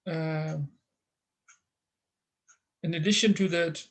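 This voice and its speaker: A man teaching an online Arabic class, explaining grammar patiently with many pauses, fillers and restarts over a video call. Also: on the high side, steady tone, a bit bright.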